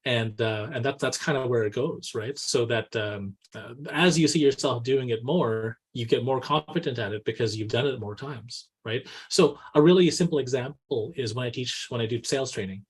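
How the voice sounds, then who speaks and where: A man's voice: medium pitch, moderate pace, hardly any pauses, husky. A man co-hosting a casual business podcast, talking animatedly, acting out little dialogues and tagging nearly every point with "right?". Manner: animated, says "right?" constantly, acts out quoted dialogue. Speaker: co-host.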